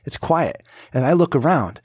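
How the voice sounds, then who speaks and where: A man's voice: a little high, very animated, moderate pace, breathy edge, dry recording, clean studio sound. A man in his late thirties hosting a podcast, telling a rambling, profane story in casual chat. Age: 30s. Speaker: podcast host.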